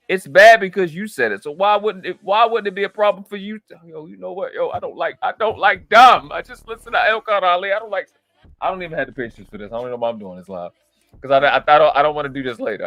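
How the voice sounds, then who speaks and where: A man hosting a live reaction stream, ranting in a profane, exasperated, slang-heavy way, swinging from loud outbursts to low mutters. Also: lively intonation, quick pace, no room sound, soft background music.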